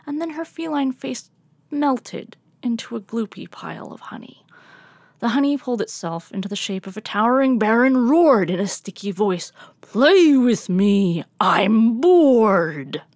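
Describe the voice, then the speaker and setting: A woman reading a storybook aloud, with soft, breathy asides. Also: mid-range voice, no echo.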